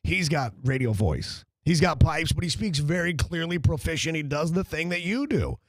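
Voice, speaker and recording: A man's voice: on the high side, lively intonation, moderate pace, dry recording. A man hosting a sports talk radio show in a studio, riffing and teasing his co-hosts. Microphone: studio microphone.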